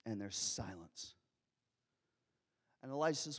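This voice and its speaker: High-voiced preacher man in a reverberant hall. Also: measured pace. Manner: dynamic preaching, acting out quotes, swinging from loud to hushed. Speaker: pastor. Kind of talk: sermon.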